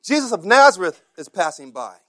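High, bright-voiced preacher acting out scripture. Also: male voice, very animated, fairly quick. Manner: dramatic, acts out the voices of beggars and crowds; repeats words, builds up to shouted cries. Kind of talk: sermon.

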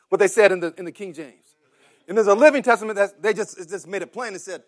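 High, bright-voiced preacher acting out scripture. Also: male voice, fast. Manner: dramatic, acts out the voices of beggars and crowds; repeats words, builds up to shouted cries. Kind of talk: sermon.

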